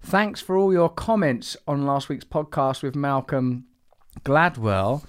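A man's voice: medium pitch, takes it slowly, clear, resonant tone, no room sound, studio quality. A man hosting a podcast, talking in a playful, rambling way full of jokey asides. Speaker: podcast host. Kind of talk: casual chat.

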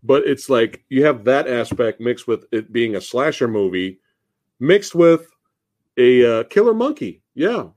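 A man's voice: mid-range voice, very animated, unhurried, a little mellow, no echo. A man hosting a casual chat, loose and joking, laughing often. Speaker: host.

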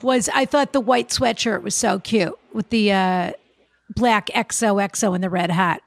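A woman co-hosting a casual podcast chat, brisk and talkative. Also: mid-range voice, vocal fry, no room sound, studio quality. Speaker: podcast co-host.

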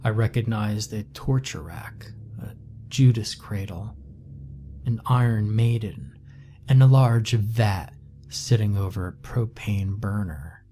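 A man narrating a horror story in a slow, measured, somber scripted read. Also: fairly low pitch, dark tone, a little hiss or hum. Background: faint music.

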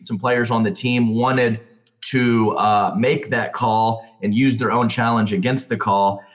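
A man's voice: mid-range voice, fairly bright tone. A man hosting a casual podcast, asking loose questions full of fillers. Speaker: podcast host and commentator.

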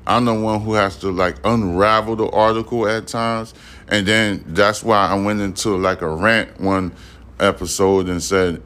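A man's voice: on the low side, flat delivery, a little slow, fairly bright tone, smooth. A man hosting a podcast, reading news headlines and riffing on them in a rambling, conversational way with frequent profanity. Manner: reads headlines aloud then riffs on them. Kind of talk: casual news commentary.

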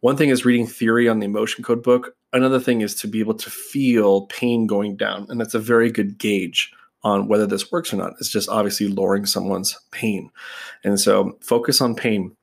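A man's voice: lowish voice, steady tone, moderate pace, creaky. A man teaching other practitioners in a casual, conversational way, talking straight to his listeners. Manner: conversational, addresses listeners as "guys", acts out client exchanges. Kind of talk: casual instructional talk.

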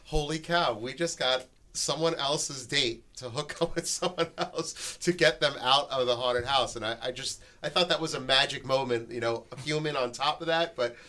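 A man with a bright, forceful voice chats casually about his acting work. He rambles earnestly and restarts his sentences. His voice sits at a middle pitch. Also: moderate pace. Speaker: haunted house actor. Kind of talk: casual group chat.

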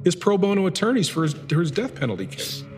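A man's voice: sits high, fast talker, big-room sound, faint music behind. A man, a former FBI agent, recounting an interrogation in an interview, telling it with rising intensity. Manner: animated storytelling, voice rising in intensity.

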